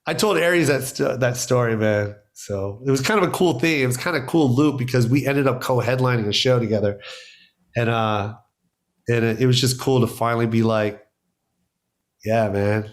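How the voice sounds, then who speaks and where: A man's voice: medium pitch, moderate pace. A man, a stand-up comedian, telling stories in a casual interview, acting out quotes and laughing often. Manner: excited storyteller, acts out quotes, laughs often. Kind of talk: animated storytelling in casual chat.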